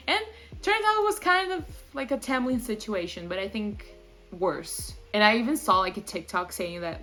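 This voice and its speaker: A young woman vlogging a casual book review, gushing and animated, full of "like" and quick laughs. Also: mid-range voice.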